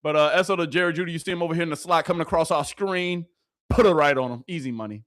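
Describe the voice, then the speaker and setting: Man, hyped live sports commentary, fairly high voice, laughs a lot. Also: very fast, fairly bright tone. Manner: hyped, chatty, laughing, slangy. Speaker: sports video host. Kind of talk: casual live commentary over game clips.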